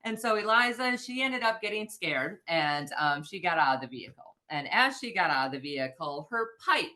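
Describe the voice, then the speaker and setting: A young woman from the Midwest tells her story over a video call, talking animatedly and swearing as she quotes herself. Her voice sits low but rings bright and forceful. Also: moderate pace. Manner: animated, profane, quoting herself loudly. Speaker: podcast guest. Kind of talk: storytelling in casual chat.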